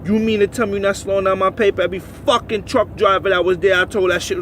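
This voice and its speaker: An angry truck driver, a man, fires off a profane rant outdoors beside his rig. His voice sits high for a man and keeps climbing as he gets worked up. Faint traffic and outdoor noise hang behind him. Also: fairly even intonation, fast talker. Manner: profane, agitated, rising to shouts. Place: outdoors by a truck at a loading yard. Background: faint vehicle and outdoor noise.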